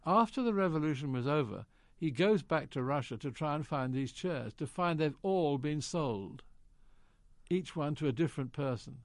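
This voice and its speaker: A man's voice: a little high, expressive, moderate pace, no echo, studio quality. An older British man, an actor, genially telling anecdotes in an interview and acting out quoted lines. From Britain. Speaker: actor guest.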